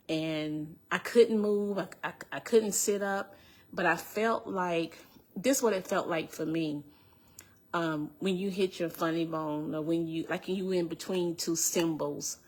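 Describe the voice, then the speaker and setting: A middle-aged woman telling an emotional personal testimony in an earnest, halting way, repeating phrases as she goes. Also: on the low side. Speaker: speaker giving a personal testimony.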